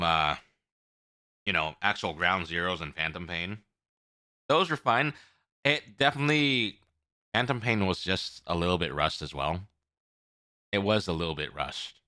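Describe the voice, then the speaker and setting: Animated low-voiced streamer chatting. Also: male voice, dry recording, studio quality. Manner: rambling, animated, eating while talking. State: mouth full. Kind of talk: casual stream chat.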